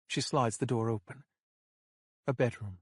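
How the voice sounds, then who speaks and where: A man's voice: mid-range voice, unhurried, breathy edge, no room sound, clean studio sound. Man narrating a tense audiobook.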